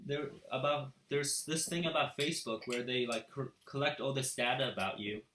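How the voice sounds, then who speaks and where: Teen boy, casual chat, halting, lots of fillers, echoey room. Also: medium pitch, pushed and bright, slight background noise. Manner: explains points in a halting, filler-heavy way. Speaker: co-host.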